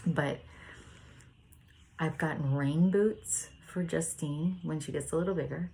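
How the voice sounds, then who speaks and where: Low-voiced woman sharing gently. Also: measured pace, slight background noise. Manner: gentle, meandering, laughs often. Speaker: spiritual study group leader. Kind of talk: casual reflective sharing and reading aloud.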